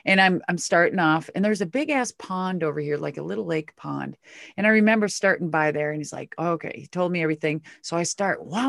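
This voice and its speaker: Animated woman telling a story. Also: on the low side, no echo, clean studio sound. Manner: animated, vocal sound effects, swears freely. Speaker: interview guest. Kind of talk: casual storytelling.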